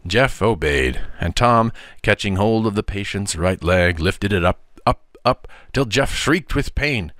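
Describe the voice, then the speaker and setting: A man narrating an audiobook of a children's story in an expressive storybook manner. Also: low-pitched, a little slow, no echo, clean studio sound.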